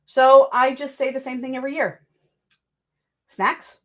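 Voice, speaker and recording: A woman's voice: high-pitched, level tone, a little fast. A woman streaming from her home desk, chatting casually in a rambling, self-deprecating way. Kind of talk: casual livestream chat.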